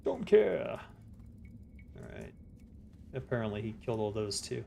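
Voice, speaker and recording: A man streaming a game live, chatting casually and answering his chat in a relaxed way. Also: lowish voice, fairly quick, gravelly, slight background noise.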